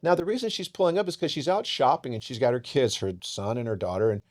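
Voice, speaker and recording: A man's voice: mid-range voice, sing-song, fast talker. A boisterous man, a podcast guest, telling a long personal story in casual chat. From Seattle area.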